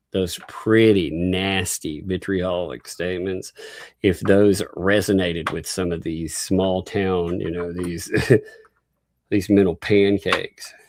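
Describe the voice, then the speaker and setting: Male stream host, deep and unhurried, rambling, chuckling, many restarts. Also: vocal fry, a little mellow, dry recording. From Southern United States. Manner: rambling, laughs often, restarts sentences. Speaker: YouTube commentary host. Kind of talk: casual live-stream commentary.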